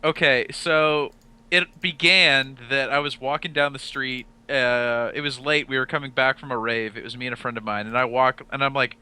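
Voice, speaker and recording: A man hosts a loose, casual podcast, relating an anecdote with lively quoted dialogue. His voice sounds very bright and clear-edged at an ordinary middle pitch. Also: fairly quick. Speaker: podcast host.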